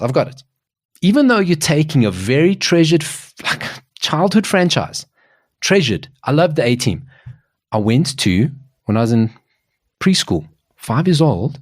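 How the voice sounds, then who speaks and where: A man from South Africa co-hosting a casual chat show, telling stories with lots of restarts and asides. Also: mid-range voice. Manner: animated, rambling storytelling with restarts. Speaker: podcast co-host.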